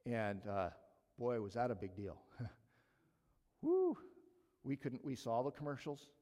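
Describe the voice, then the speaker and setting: A man preaching a sermon, telling a personal story with animated delivery and acting out his own panic. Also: medium pitch, slow pace. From Canada. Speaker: pastor. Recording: long hall reverb.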